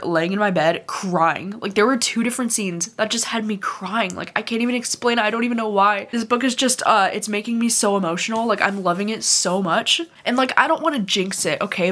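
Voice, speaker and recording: A young woman records a casual book vlog from her bed. She talks in a loose, gushing way, tossing in "like" and "dude" all the time. Her voice sits at an ordinary mid pitch. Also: a bit bright. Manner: chatty and gushing, heavy use of "like" and "dude". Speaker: book vlogger. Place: bedroom, in bed.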